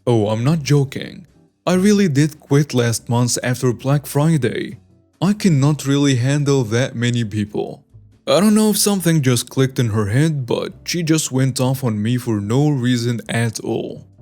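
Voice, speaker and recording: Animated man reading stories aloud. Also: mid-range voice, normal speed, soft background music. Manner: animated storytelling, reads lists item by item. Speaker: story narrator. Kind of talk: scripted narration of online stories.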